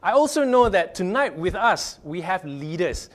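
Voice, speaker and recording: A man giving a motivational sales training talk, upbeat and emphatic, trailing softer at the ends of phrases. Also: high-pitched, sing-song, normal speed.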